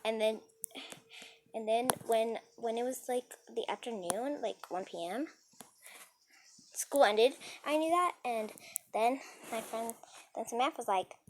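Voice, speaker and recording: A woman's voice: a little high, a little hiss or hum. Woman rambling through a casual story.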